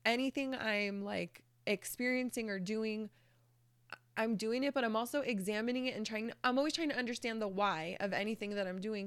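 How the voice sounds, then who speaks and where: A woman's voice: medium pitch, clean tone, no echo. A woman in casual chat recommending books, chatty and earnest, swearing casually and filling her talk with "like". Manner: earnest, emotional. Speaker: book vlogger.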